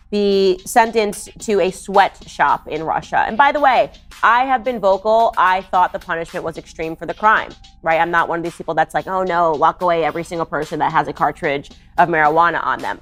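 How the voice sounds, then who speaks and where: Sarcastic woman commentator. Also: lowish voice. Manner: sarcastic, mocking. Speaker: political commentator. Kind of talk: opinionated monologue.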